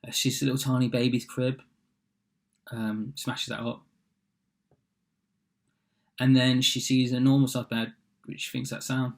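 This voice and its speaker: A man's voice: mid-range voice, flat delivery, measured pace, vocal fry, pauses often. A young man casually retells a fairy tale from memory. He talks offhand, with many fillers and side remarks. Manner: rambling and offhand, full of fillers and asides. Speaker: storyteller.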